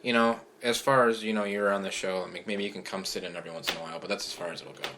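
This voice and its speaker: A man's voice: sits low, fairly even intonation, very fast, bright, forceful tone, a little hiss or hum. A man hosting a casual podcast, blunt and laughing often, who swears freely. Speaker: podcast host.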